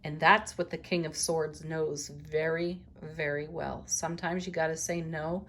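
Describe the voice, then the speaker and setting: A woman giving a daily tarot card reading, speaking in an unhurried, affirming way with spiritual phrasing and soft laughs. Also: low voice, flat delivery. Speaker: tarot reader.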